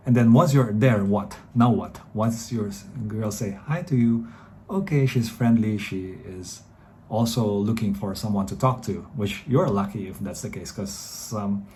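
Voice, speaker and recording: A man's voice: lowish voice, measured pace, mellow, a little hiss or hum. A man in his thirties with a Filipino English accent, chatting rambly dating advice straight to viewers. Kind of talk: casual advice talk to camera.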